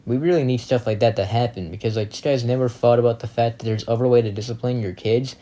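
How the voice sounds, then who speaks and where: A man's voice: mid-range voice, steady tone, quick pace, warm tone. A young man giving casual reaction commentary, blunt and indignant, swearing heavily as he rants.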